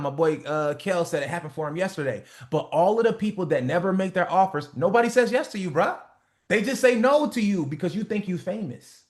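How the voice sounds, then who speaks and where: A man coaching a group on a motivational call, animated and profane, acting out little skits. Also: high voice. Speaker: business coach.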